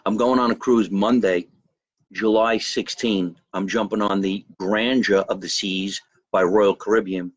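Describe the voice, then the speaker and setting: A boastful man talks to his live-stream viewers, drifting from topic to topic and calling out names as he goes. His voice sits fairly low, and the sound is close and dry, with little room around it. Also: fairly even intonation, a little slow, no echo, muffled recording. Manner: rambling, boastful, greets viewers by name. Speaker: host of a live comedy show. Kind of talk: live-stream comedy monologue. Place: backyard by a grill and pool, outdoors.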